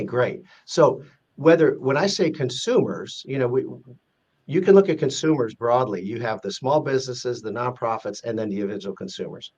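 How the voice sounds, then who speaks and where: A man, a guest being interviewed, explaining his points in an earnest, measured way with frequent restarts. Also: mid-range voice, darkish tone, dull audio. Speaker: guest, president of an advocacy group. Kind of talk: podcast interview.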